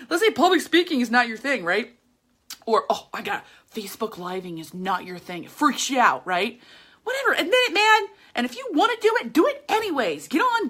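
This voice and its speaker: A woman hosts her own podcast with a bright, ringing voice. She talks in a chatty, emphatic way, piling on slang as she gives a pep talk. She speaks straight to the camera. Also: sits high. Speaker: podcast host. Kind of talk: casual motivational monologue. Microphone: camera, speaking to viewers.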